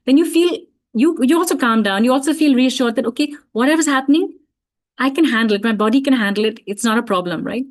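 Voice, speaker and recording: A woman explaining in a gentle, reflective way, often saying "you know" and restarting her sentences, in an online talk for parents. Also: high-pitched, fast. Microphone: video call.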